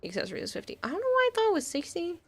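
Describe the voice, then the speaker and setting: A woman's voice: very high voice, wildly swooping pitch, very fast. A woman streamer in casual live-stream chat, rambling and laughing often while she answers chat. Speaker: game streamer.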